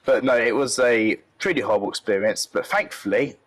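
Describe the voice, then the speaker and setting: A young man from the UK tells an interviewer an upsetting travel story in a casual way, emotional and repeating himself often. His mid-range voice is brisk and a bit bright, though the audio quality is poor.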